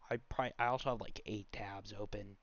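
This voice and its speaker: A man's voice: fairly low pitch, fairly even intonation, a little fast, fairly bright tone, dry recording. A man in his twenties giving a casual, rambling screen-recorded walkthrough, full of fillers and side comments. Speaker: tutorial host. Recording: slightly dull, dry home recording.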